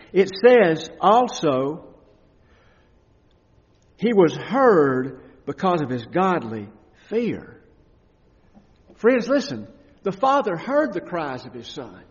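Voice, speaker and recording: A man preaching with passion, swinging from loud cries down to hushed, tender lines. His voice sits a little high and sounds husky. The recording is dull and lo-fi, with a long reverb tail from a large church. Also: very animated, takes it slowly, pauses often. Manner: impassioned preaching, swelling to loud cries and dropping to hushed tones. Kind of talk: sermon.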